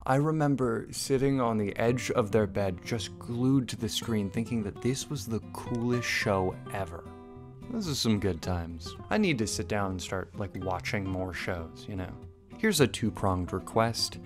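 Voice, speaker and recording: A man's voice: on the low side, animated, unhurried, music in the background. A man in his twenties narrating a casual video review with wry, chatty asides. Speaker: YouTube reviewer.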